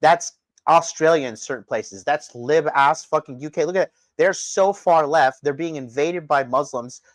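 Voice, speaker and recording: Indoors in Japan, a dating coach hosting a livestream rants bluntly and profanely while reading the chat. His voice is on the high side at a moderate pace, with no room sound.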